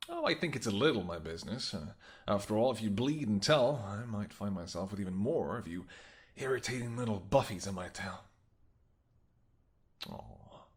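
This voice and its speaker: A man voicing a flirtatious, predatory male vampire in a whispered role-play, speaking in a soft, teasing, seductive murmur. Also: on the low side, animated, normal speed, close to an everyday voice. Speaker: voice actor.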